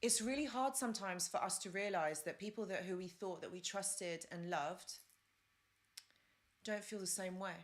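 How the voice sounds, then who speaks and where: A woman's voice: medium pitch, moderate pace. A woman hosting a live-stream advice talk, chatty and rambling, with fillers and side stories. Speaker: host.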